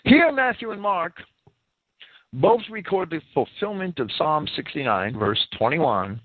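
A man's voice: fairly high pitch, very animated, slightly rough, dry recording. Man lecturing over tinny dry audio. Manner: deliberate, spells out words and pronunciations. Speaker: Bible commentator. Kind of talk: verse-by-verse scripture commentary.

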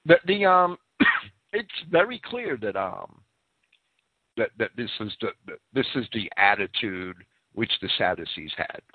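A man with a lively, swooping voice agrees eagerly as co-host, stumbling over repeated restarts. He is sneezing and coughing while speaking into a headset. The line sounds thin and phone-like. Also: fairly low pitch, unhurried, slightly rough, no room sound. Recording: dry tinny phone-like line.

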